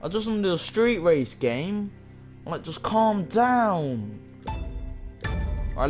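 A young man giving casual, rambling commentary over his own racing gameplay, self-mocking and breaking into excited bursts. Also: on the high side, takes it slowly, soft background music. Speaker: gaming video creator.

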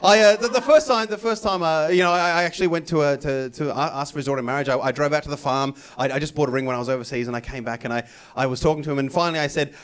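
A young man doing stand-up comedy in a chatty, animated style, often tagging lines with "right?". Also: fairly high pitch, quick pace.

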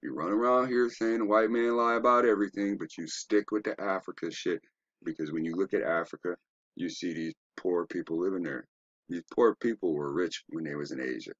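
A man's voice: low-pitched, brisk, no echo, lo-fi sound. A man giving a rambling, profane, preachy commentary while browsing web pages, asking rhetorical questions. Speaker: online commentator.

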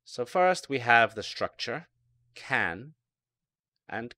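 Slow, animated British man teaching English. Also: mid-range voice, no echo. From Britain. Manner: slow, carefully enunciated, repeats words for drilling. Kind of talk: online ESL lecture.

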